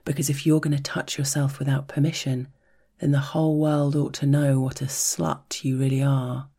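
A woman reading the lines of a calm, dominant man in a soft, measured voice that drops to a whisper, in an audio story. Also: extremely low pitch, gravelly, slightly rough, heavily acted. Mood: calm, commanding. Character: calm, dominant adult man, unhurried and controlled.

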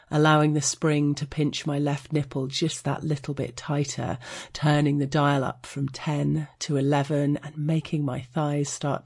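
Frank British woman with a husky tone, reading her own erotic story with dry humour. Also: low-pitched, darkish tone. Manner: frank and wry, slowing to intimate detail. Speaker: sex blogger.

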